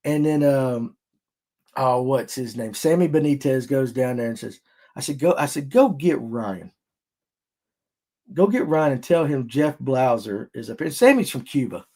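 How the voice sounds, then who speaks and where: A man's voice: mid-range voice, moderate pace. A man hosting a casual podcast, telling stories and acting out other people's lines. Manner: animated storyteller who acts out other people's lines. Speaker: fishing podcast host.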